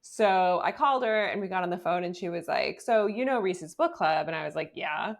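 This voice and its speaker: Lady author chatting in an interview, lowish voice, super animated, lots of "like". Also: brisk, vocal fry. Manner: chatty, animated storytelling with many "like"s. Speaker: guest author. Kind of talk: casual interview talk. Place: home office in New York.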